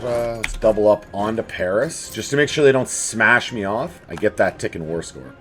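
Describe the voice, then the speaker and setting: A man with a lowish voice plays a strategy game as a let's play host, chatting casually and animatedly while speaking directly to the enemies. He keeps a moderate pace with few pauses, and soft music plays in the background.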